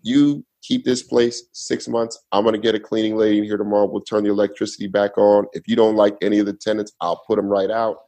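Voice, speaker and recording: A man's voice: fairly low pitch, little pitch movement, fast, few pauses, dark tone, poor audio. A male comedian guest telling a long story in a laid-back way, acting out the other people in it. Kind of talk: casual storytelling on a podcast.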